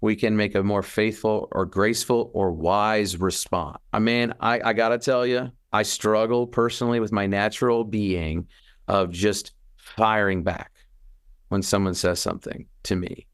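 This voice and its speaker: This co-host's voice is on the low side, clear and resonant, and he talks a little slowly. His podcast talk is casual, reflective and earnest, animated with acted-out quotes and frequent restarts.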